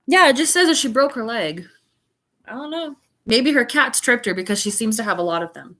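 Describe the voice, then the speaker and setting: A woman's voice: fairly high pitch, lively intonation, fairly bright tone. A woman teacher reading a story aloud to her class over a video call, stopping often to chat and explain. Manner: chatty, pausing to comment and explain.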